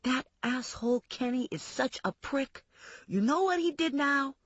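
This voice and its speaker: A woman voicing a crude, foul-mouthed, sleazy young man who rants and swears, with a husky voice. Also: high-pitched, lively intonation, unhurried, no room sound, dull audio, voice pushed up. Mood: ranting. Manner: agitated, swearing, ranting.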